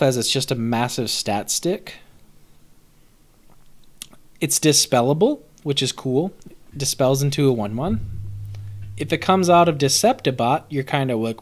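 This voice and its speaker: A young man with a fairly high voice reviews a card set live on stream. His casual commentary is lively and full of jokes and swearing, and he replies to viewers in chat as he goes.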